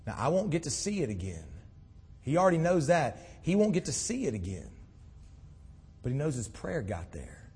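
Man, preacher, sermon, swings from loud to hushed, fairly high voice, echoing hall. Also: sing-song, moderate pace, long pauses, slightly rough. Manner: impassioned, voice swells loud then drops low. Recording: long reverb in a large hall.

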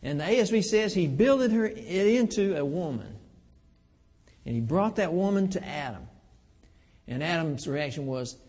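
A gravelly, husky man in his fifties preaches a sermon, folksy and earnest, his pitch rising and falling widely. He slows down to press a point home. His voice carries a long hall reverb, as if in a church sanctuary. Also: lively intonation, darkish tone. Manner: folksy, earnest preaching with slow emphatic pauses.

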